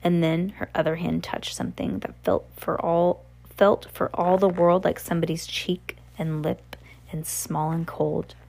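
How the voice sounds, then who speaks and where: A woman reads a novel aloud in a relaxed, unpolished way, stumbling and correcting herself now and then. Her voice is low and gravelly with a flat, level delivery. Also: measured pace. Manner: relaxed, with slips and self-corrections. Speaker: reader.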